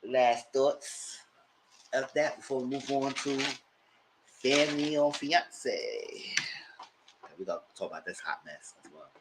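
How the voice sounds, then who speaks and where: A man hosting a casual TV recap, chatty and animated, laughing often and breaking into excited outbursts. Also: medium pitch, a little slow, long pauses, background noise. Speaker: TV recap host. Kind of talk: casual live TV review commentary.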